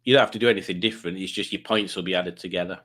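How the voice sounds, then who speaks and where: A man's voice: low-pitched, steady tone, racing, a bit bright. Male stream host; rambling, self-mocking banter, casual and jokey. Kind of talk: casual livestream chat.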